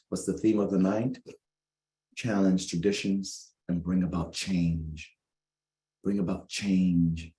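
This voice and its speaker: A middle-aged man, a spiritual coach, giving a tarot reading with animated, preachy storytelling and calling listeners baby. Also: low voice. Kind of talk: casual tarot reading monologue. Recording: echoey room.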